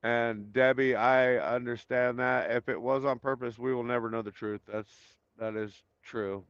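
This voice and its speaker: In a dry, clear recording with the highs cut off, a man with a mid-range, slightly bright, resonant voice chats casually on his live stream at normal speed and with fairly even intonation. He greets viewers by name, reads their comments, and fills the wait before starting with loose talk and lots of fillers.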